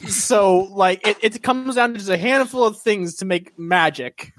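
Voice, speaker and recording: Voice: mid-range voice, a little slow, a bit bright, slight background noise. A panelist in a casual movie chat who keeps chiming in with jokes. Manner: joking, chimes in with quips. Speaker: podcast panelist.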